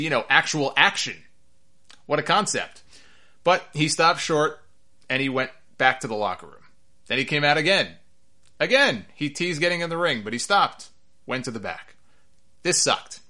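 A man giving opinionated solo commentary on wrestling, animated and sarcastic, repeating himself for emphasis. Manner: animated, rises in pitch when worked up.

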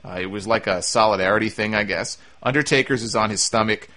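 A fast-talking man with a fairly low, pushed, bright voice works through listener mail as a podcast host. He keeps it conversational and casual, regularly using "uh" and restarting his lines.

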